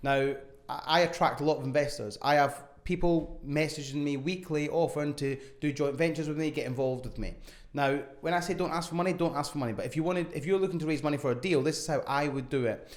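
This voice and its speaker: A man's voice: fairly high pitch, fast. A man co-hosting a casual podcast, telling stories and giving numbered tips on property investing. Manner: storytelling, gives numbered tips.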